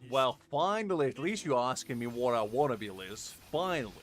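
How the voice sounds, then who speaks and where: A man's voice: mid-range voice, animated, a little fast, soft background music. A man streaming a video game, bantering in a playful, mock-exasperated way. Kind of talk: casual live-stream banter.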